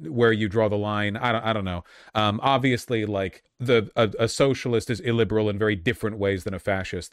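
A man's voice: on the low side, no room sound. A man giving casual, rambling commentary on a debate clip, full of dry sarcastic asides and filler words. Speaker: streamer reacting to a debate clip.

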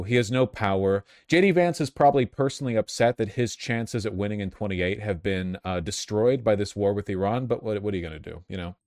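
A blunt, foul-mouthed man riffs through casual political commentary in a sardonic tone. His voice sits on the low side. The sound is dry and close, with no room echo. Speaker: political streamer.

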